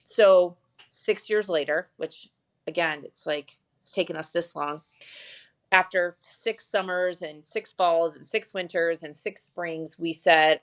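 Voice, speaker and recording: Speaking slowly in a fairly low voice, this Michigan woman talks about running her glamping site during a relaxed interview. She tells stories with many false starts.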